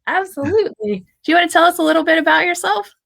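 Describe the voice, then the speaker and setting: A woman hosting a casual conversation, bubbly and quick to laugh at her own puns. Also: very high-pitched, creaky, a bit bright. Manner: bubbly, punning, laughs often. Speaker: host, communications manager. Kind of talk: casual hosted chat.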